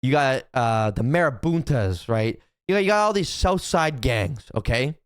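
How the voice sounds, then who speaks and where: A man's voice: medium pitch, animated, moderate pace, clean tone, no room sound, clean studio sound. A young man streaming, chatting casually to his chat, rambling and swearing, with lots of restarts and repeated "right?".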